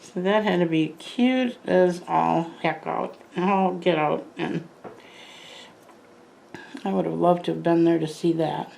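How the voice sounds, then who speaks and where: An older woman with a lowish, gravelly voice talks to the camera indoors at home. Her chat is rambling and friendly, full of side stories and self-corrections. She sounds like a plant vlogger talking her viewers through her work. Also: steady tone, takes it slowly, darkish tone, a little hiss or hum, poor audio.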